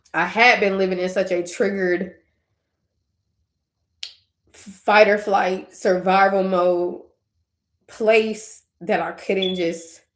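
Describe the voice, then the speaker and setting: A woman's voice: on the low side, roomy sound. A young woman talking casually and tearfully in a personal faith vlog, wandering off on tangents and laughing between thoughts. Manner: conversational, tangent-prone, laughing through tears. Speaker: faith vlogger.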